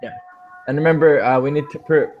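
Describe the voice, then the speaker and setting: A man's voice: fairly high pitch, fairly even intonation, fairly quick, phone-quality sound, slight background noise. Patient male English teacher. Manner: patient, explains with many rephrasings. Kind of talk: explaining in a speaking class.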